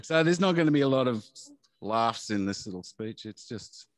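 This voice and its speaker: A middle-aged Australian man, father of the groom, giving a halting wedding speech over a video call and laughing between phrases. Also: medium pitch, animated, dry recording.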